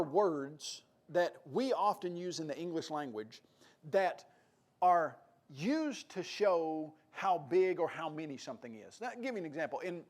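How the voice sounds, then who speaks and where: A man with a Tennessee accent preaching a sermon, acting out quoted lines with a raised, animated delivery. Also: high-pitched, normal speed.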